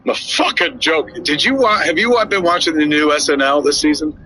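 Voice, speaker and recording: This man in his fifties has a fairly high voice, with a little background noise behind it. Co-hosting a podcast, he chats casually, telling stories and acting out quoted dialogue with quick shifts of voice, like an animated storyteller.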